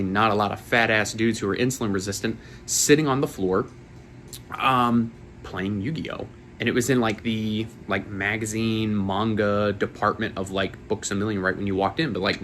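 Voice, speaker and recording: A man's voice: on the low side, fairly bright tone, slight background noise. Casual profane young man telling stories. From Florida, USA. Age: 20s. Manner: profane, rambling, laughs at own stories. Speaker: YouTuber. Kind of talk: casual storytelling to camera.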